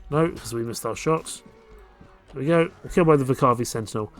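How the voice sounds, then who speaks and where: A man's voice: mid-range voice, a little fast. A man hosting a let's play, giving casual commentary as he plays and thinking aloud about his next moves. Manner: relaxed, thinking aloud while playing. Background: faint game music.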